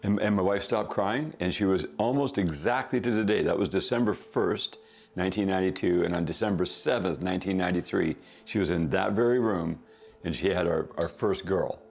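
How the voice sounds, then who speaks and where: A middle-aged man casually telling a family story as a podcast guest, chuckling often and throwing in quick asides. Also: low voice, gravelly.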